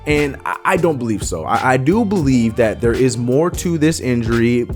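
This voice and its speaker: A young man hosting a sports channel, ranting in an animated, emphatic way and stretching words out slowly to hammer a point. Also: medium pitch.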